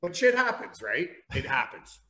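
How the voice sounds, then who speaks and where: A man's voice: medium pitch, wildly swooping pitch, normal speed, bright, forceful tone. A man casually telling a family story on a podcast, swearing and laughing as he goes.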